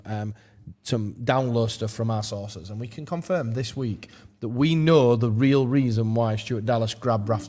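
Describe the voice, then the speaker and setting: A man's voice: medium pitch, warm tone. A man, hosting a podcast in a jokey, rambling way with frequent laughter and reading ads casually. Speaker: podcast host. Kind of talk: casual football chat and ad read.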